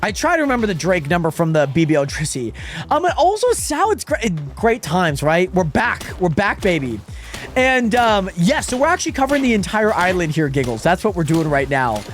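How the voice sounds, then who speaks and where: A young man streams a game and talks to his viewers, his voice sitting high and leaping around with every reaction. He swings from cheery greetings to muttered frustration. Faint music plays underneath. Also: fairly quick. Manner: animated, swings between excited greetings and exasperated muttering. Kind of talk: casual live-stream chat while gaming.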